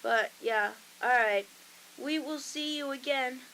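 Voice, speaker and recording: A woman's voice: sits high, takes it slowly, bright, forceful tone, a little hiss or hum, low-quality recording. A young woman hosting a college radio show, chatting casually and acting out the voices in her stories. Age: young adult. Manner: chatty storytelling, acts out quoted voices. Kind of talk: casual chat.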